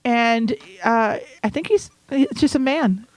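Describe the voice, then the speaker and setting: Playful woman, slightly high voice. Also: lively intonation, slow, a little mellow. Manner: playful, teasing, laughs often. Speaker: podcast co-host. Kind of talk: casual chat.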